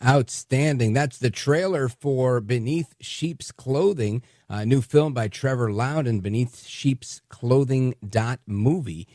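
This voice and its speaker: A man hosting a talk radio show, introducing his guest with a halting delivery full of fillers. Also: mid-range voice, mellow, no room sound.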